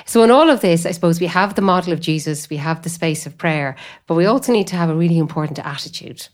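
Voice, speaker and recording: Low-voiced woman talking faith, rambling. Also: quick pace. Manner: rambling, full of "you know" fillers. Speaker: guest speaker on faith. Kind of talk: conversational spiritual talk.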